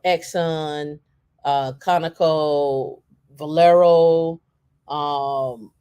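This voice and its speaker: Co-host, mid-pitched, casual and halting, thinks aloud while browsing, plenty of fillers and restarts. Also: darkish tone. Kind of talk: casual talk while browsing on a shared screen.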